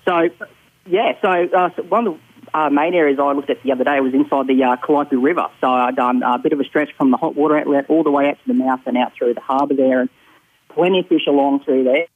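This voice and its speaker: A man's voice: mid-range voice, quick pace, no room sound. A man with an Australian accent giving a casual fishing report as a caller, rambling with many ums and uhs. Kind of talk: casual radio phone chat. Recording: tinny phone line.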